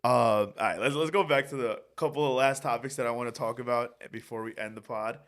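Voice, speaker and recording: A man's voice: medium pitch, a little fast, fairly bright tone. A young man hosting a podcast, telling rambling stories in casual chat and swearing a lot. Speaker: podcast host.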